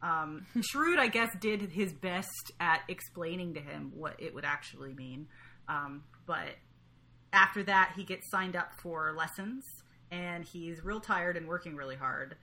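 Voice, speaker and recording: A woman co-hosting a podcast, talking through a book in a relaxed, thoughtful way with hesitant restarts. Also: on the low side, unhurried, a little hiss or hum. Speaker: podcast co-host. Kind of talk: casual book discussion.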